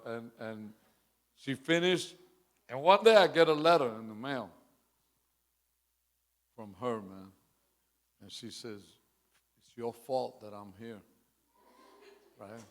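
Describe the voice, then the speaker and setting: A man preaching a sermon through a long personal story, in a casual street-style way, often tacking on "man" and chuckling between lines. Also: mid-range voice.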